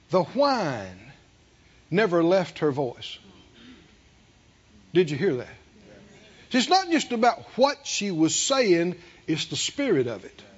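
An older male preacher drawls his sermon slowly, chuckling often, his voice high and swooping widely. The recording is dull and lo-fi with a faint hiss. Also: husky.

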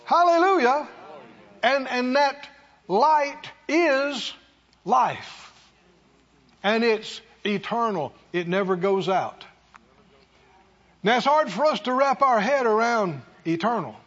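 A man's voice: extremely high pitch, takes it slowly, long pauses, a bit bright, lo-fi sound. A man preaching a sermon in a church, with emphatic, repetitive call-and-response delivery. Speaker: pastor.

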